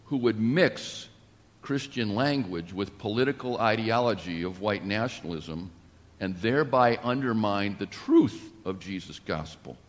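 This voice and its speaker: A man preaching a sermon in a measured, deliberate way, with emphatic rises. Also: on the low side. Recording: long reverb of a church.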